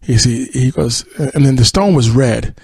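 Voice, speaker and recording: A man's voice: mid-range voice, normal speed, darkish tone, breathy edge, dry recording. A male podcast host casually retelling a TV episode, rambling with many fillers and acted-out quotes.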